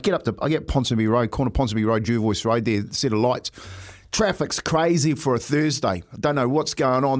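A man with a New Zealand accent, co-hosting a breakfast radio show and telling stories in a casual chat. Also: on the high side. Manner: animated, laughs through stories. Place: radio studio.

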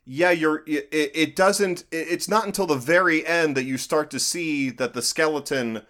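A man co-hosting a podcast, talking casually with halting starts and wry jokes. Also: fairly high pitch, fairly bright tone. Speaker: podcast co-host. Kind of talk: casual comedic chat.

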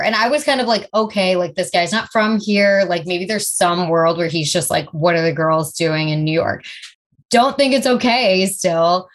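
A woman guest on a podcast, telling a story in a relaxed, chatty way with many fillers. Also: mid-range voice, moderate pace. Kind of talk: casual chat.

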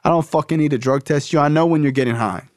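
A man's voice: a little high, fast, no room sound, clean studio sound, pitched above the performer's own voice, lightly acted. A man voicing his angry, controlling father, who rants bitterly and swears. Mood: ranting.

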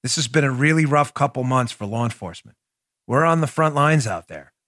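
A man's voice: mid-range voice, animated, fairly quick, fairly bright tone, dry recording, clean studio sound. A man hosting a political commentary podcast, speaking with impassioned indignation and frequent stumbling restarts. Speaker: podcast host.

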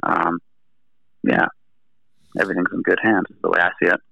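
A man's voice: sits low, flat delivery, brisk, creaky, bright, forceful tone, no echo, muffled recording. A Canadian man, a band's singer and guitarist, talking in a laid-back, rambling way as an interview guest. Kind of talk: casual interview chat.

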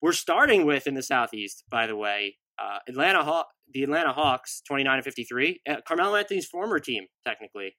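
A man's voice: medium pitch, very animated, fast talker, hardly any pauses, pushed and bright, no echo. A man co-hosting a casual sports podcast, reeling off roster lists and offhand asides. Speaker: podcast co-host.

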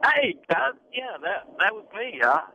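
A man's voice: sits high, sing-song, measured pace, creaky, pushed and bright. A man calling in to a radio talk show who argues defensively and keeps repeating himself as he tries to get a word in. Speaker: caller. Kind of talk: heated call-in argument. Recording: tinny phone line with faint noise.

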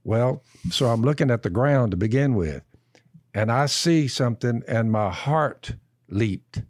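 A man speaks at a mid pitch, unhurried and folksy. He keeps stringing his story along with "I said," as if teaching from the pulpit. The sound is dry and close, with no room echo. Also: animated, darkish tone. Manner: slow, drawn-out storyteller who keeps repeating "I said". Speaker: podcast co-host.

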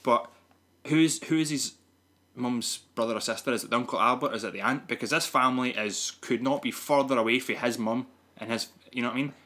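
A man's voice: medium pitch, fairly quick, bright, forceful tone. A man co-hosting a podcast, rambling through a casual movie review with many fillers and frequent laughs. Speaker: podcast co-host.

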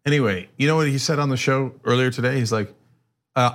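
A middle-aged man co-hosting a casual political chat, animated and acting out quotes. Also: medium pitch, quick pace. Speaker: co-host.

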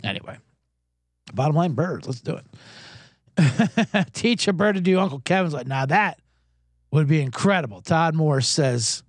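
A man's voice: fairly high pitch, sing-song, a little slow, pauses often, no echo, studio quality. A man hosting a comedic sports podcast, talking in a profane, rambling, self-deprecating way. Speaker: podcast host.

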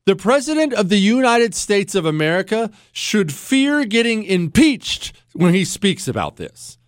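An indignant man rants through political commentary, firing off rhetorical question after rhetorical question. His voice sits high and leaps about with energy. The sound is dry and close, with no room around it. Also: big pitch swings, a little slow, dry recording. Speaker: podcast host.

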